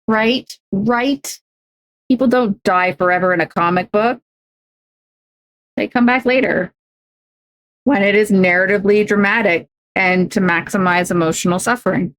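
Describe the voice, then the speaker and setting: A woman's voice: mid-range voice, measured pace, pauses often, a bit bright. A woman livestreaming, chatting casually while crafting, rambling and self-deprecating with frequent restarts.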